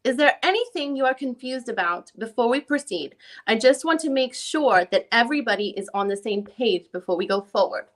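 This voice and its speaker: A woman's voice: on the high side, expressive, brisk, natural voice. A woman reading the part of a defense lawyer with a put-on Jamaican accent, questioning a witness in a formal, methodical way during an amateur dramatic reading.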